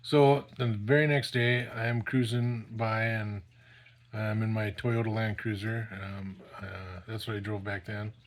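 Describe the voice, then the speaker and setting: A man's voice: fairly low pitch, fairly even intonation, unhurried. A middle-aged man casually telling a personal story, rambling and profane, with plenty of fillers.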